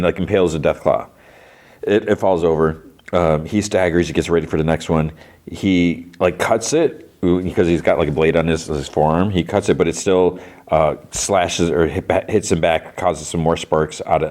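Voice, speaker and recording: Low-voiced man rambling through a recap. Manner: rambling, filler-heavy retelling with quick quoted lines. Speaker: podcast host. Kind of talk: casual episode recap.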